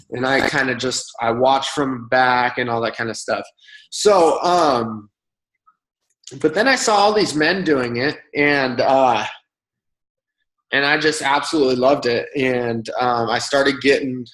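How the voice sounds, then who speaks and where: A man speaking as a guest, telling stories in a casual, animated way and acting out other people's lines. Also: medium pitch. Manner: animated, acts out quoted voices. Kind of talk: casual storytelling. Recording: roomy echo.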